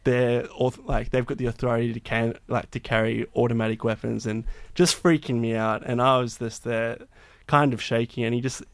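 A man's voice: mid-range voice, flat delivery, normal speed, few pauses, dry recording. A man, a singer-songwriter telling a long backstage story in casual chat, full of restarts and fillers. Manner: rambling, many restarts and fillers.

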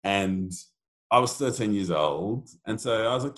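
A man co-hosting a podcast, telling stories in a casual, animated way with frequent laughs and casual swearing. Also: fairly low pitch, a little slow. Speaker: podcast co-host. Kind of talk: casual chat, storytelling.

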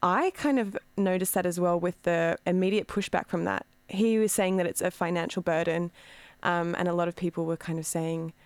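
A woman's voice: lowish voice, steady tone, fairly quick, clear, resonant tone, no echo. A woman co-hosting a radio show, chatting casually with lots of fillers. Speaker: radio co-host.

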